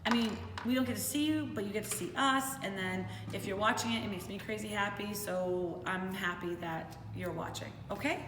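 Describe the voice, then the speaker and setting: A woman's voice: medium pitch, normal speed, few pauses, background noise. Middle-aged woman teacher, bouncy sing-song voice for little kids, echoey room with a long tail. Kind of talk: remote class lesson for young children. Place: home. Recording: roomy echo with faint ambience.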